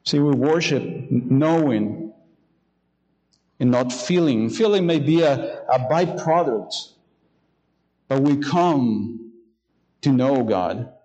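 A male pastor preaching a sermon, hesitant with fillers when telling a story and slowing down to read scripture aloud. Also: mid-range voice, lively intonation, warm tone, muffled recording.

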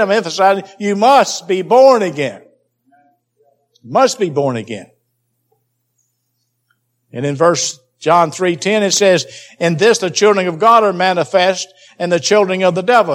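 A man preaching a Bible teaching sermon, emphatic and repeating key phrases for stress. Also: high voice.

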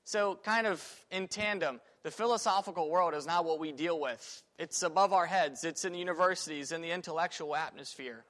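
A man's voice: on the high side, fairly quick, few pauses, a bit bright. Man teaching a class in an echoing room. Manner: conversational, thinks aloud with fillers and restarts. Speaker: Sunday school teacher. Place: church classroom. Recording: reverberant room.

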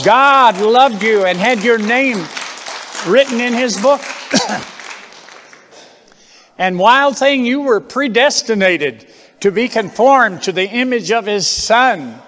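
A man's voice: very high-pitched, slow, a bit bright, long reverb tail, some chatter behind. A man preaching a fervent sermon, firing rhetorical questions and repeating phrases for emphasis.

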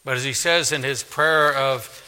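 A male pastor preaching a sermon in a church, emphatic, swinging from loud declaring to quiet pleading. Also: medium pitch, a little slow, smooth. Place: church sanctuary. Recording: long reverb of a large hall.

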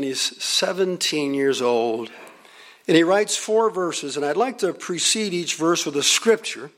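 A man preaching a sermon, earnest and emphatic, repeating phrases and reading hymn and scripture lines slowly. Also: fairly high pitch.

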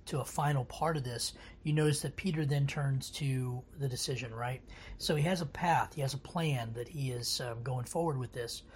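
A man teaching scripture in a casual, earnest way into a laptop camera. He rambles, restarts often and fills gaps with ums. His voice sits in an ordinary middle pitch. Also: a little hiss or hum. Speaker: bible teacher. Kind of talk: casual bible study commentary.

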